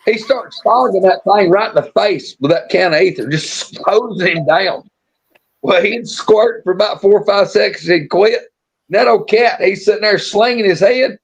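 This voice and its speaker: A storyteller on a live show spins a folksy yarn in casual talk, drawling and restarting his sentences. His male voice is high-pitched, creaky and husky at a normal speed, and the stream audio is muffled and lo-fi.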